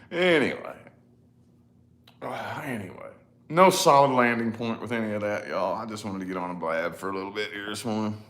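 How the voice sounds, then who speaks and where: A man's voice: on the low side, normal speed, long pauses, a bit bright. Rambling, chatty man on camera. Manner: rambling, chatty, frequent "you know?", laughs at himself. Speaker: vlogger, father. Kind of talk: casual rambling chat to camera.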